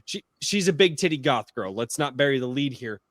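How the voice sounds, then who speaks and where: A man hosting a podcast in casual chat, telling stories in an excitable, profane way. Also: mid-range voice, a little fast, no echo. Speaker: podcast host.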